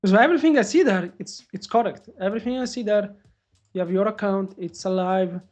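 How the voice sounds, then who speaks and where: A woman day trader live-streaming her trades, talking excitably to viewers and swearing freely. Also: mid-range voice, brisk. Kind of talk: live-stream trading commentary.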